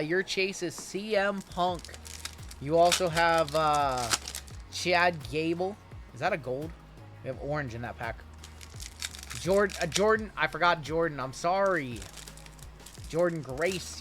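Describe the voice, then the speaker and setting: A man hosting a trading card break livestream, chatting casually and answering viewer questions as he opens packs. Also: a little high.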